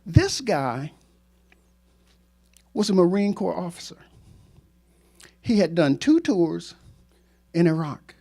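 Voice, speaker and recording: A man in his sixties, a former teacher and coach, telling a true story to a live audience in an animated, joking way with self-mocking asides. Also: high-pitched, measured pace, vocal fry, long pauses.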